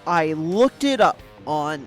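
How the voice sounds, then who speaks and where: High-voiced man ranting, swearing a lot. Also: animated, takes it slowly, soft background music. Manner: profane, exasperated, peppered with "like" and "right?". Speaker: VTuber. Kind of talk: ranting casual monologue.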